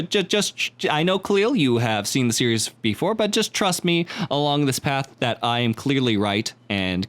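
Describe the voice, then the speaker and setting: A man's voice: on the low side, smooth. A man co-hosting a podcast in casual chat, hesitant and full of filler sounds as he lays out theories. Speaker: podcast co-host.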